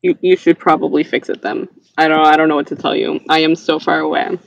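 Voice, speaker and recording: A tabletop player giving deadpan, dry replies in casual role-play. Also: medium pitch, fairly quick, gravelly, lo-fi sound, crowd noise.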